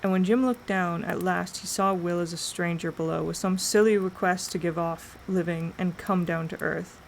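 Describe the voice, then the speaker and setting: A woman streamer reading a novel aloud in slow, deliberate dramatic narration. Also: on the low side, steady tone, gravelly, a little hiss or hum, low-quality recording. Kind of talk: audiobook narration.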